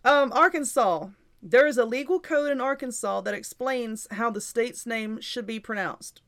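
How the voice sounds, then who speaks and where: A woman's voice: fairly high pitch, a bit bright. A middle-aged woman hosting a casual show, reading an article aloud with chatty asides and frequent laughter. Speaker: host.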